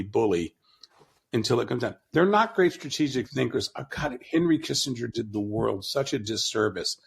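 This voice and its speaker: A man's voice: mid-range voice, gravelly, breathy edge. A man talking bluntly on a podcast, mocking and profane, with frequent restarts. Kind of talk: casual opinionated talk.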